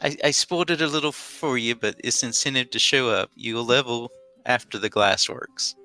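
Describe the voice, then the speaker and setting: A man's voice: mid-range voice, normal speed, bright, forceful tone, soft background music. A man running a tabletop game as game master, teasing his players in casual chat. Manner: teasing, playful.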